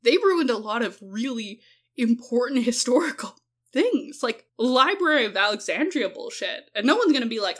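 A woman's voice: fairly high pitch, very animated, normal speed. A tired woman co-hosting a casual history podcast, laughing often, swearing and acting out quotes. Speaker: podcast co-host.

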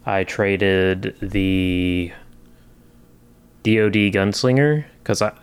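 A man with a very low, smooth and resonant voice, co-hosting a relaxed gear podcast. He talks in an easygoing way and drops wry jokes. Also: extremely slow. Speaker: podcast co-host. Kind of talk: casual chat.

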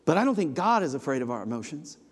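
A man delivers a sermon in a high-pitched voice. He moves between loud, emphatic lines and low, hushed ones. The sound carries a long reverb, like a large church hall. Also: big pitch swings, fast talker, slightly rough. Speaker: preacher.

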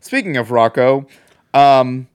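A man's voice: medium pitch, expressive, slow pace, smooth. A man co-hosting a casual movie review chat, rambling and joking, often trailing off mid-sentence. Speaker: podcast co-host.

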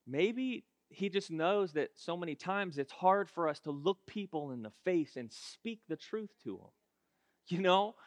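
High-voiced man preaching a sermon. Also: lively intonation, unhurried, no room sound. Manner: emphatic, repetitive preaching that builds to shouts; casual asides with self-deprecating humor.

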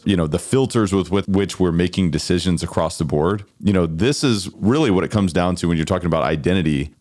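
Deep-voiced male interview host. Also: darkish tone. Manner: reflective, many "you know"s. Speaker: podcast host. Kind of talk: interview questions.

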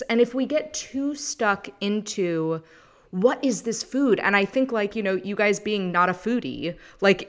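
A woman in her thirties chatting casually as a podcast guest, animated and rambling, laughing often. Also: medium pitch. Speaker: guest, food anthropologist and TV host.

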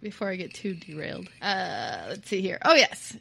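A woman's voice: on the low side, very animated, normal speed, gravelly, a bit bright, breathy edge. A woman co-hosting a podcast, telling a true-crime story in a casual, chatty way and laughing often. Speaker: podcast co-host.

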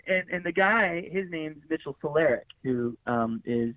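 Fairly high and lively, this man talks a little fast with no echo, though the line sounds tinny and phone-like. A musician guesting on an interview, he tells rambling stories full of fillers and false starts, imitating what others said.

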